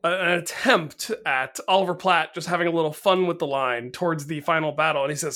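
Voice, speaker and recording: A man's voice: on the high side, fast, few pauses, pushed and bright. An American man hosting a podcast, chatting casually with lots of fillers and frequent laughs. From United States. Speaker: podcast host. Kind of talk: casual chat.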